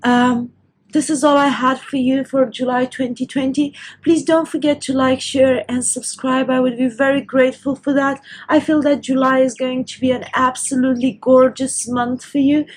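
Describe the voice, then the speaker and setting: High-voiced tearful woman reading tarot. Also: little pitch movement, normal speed, rough recording. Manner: tearful, overcome with emotion. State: teary, near crying. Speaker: tarot reader.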